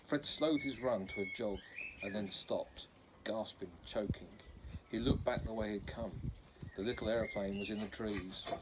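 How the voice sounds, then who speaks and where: A man's voice: on the low side, moderate pace, noisy background. A man reading a children's novel aloud in an unpolished way, stopping now and then to correct slips. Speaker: reader.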